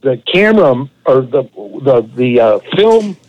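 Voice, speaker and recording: A man co-hosting a podcast, telling a long, animated, profane anecdote in a casual way. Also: medium pitch, a little slow, muffled recording. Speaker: podcast co-host. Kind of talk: casual storytelling.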